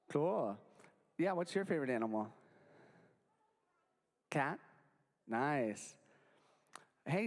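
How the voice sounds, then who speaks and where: A young man with a slightly high voice performs a goofy, interactive kids' show with a sing-along for a live library audience. He's animated and jokes with the children, and the sound carries the feel of a large hall.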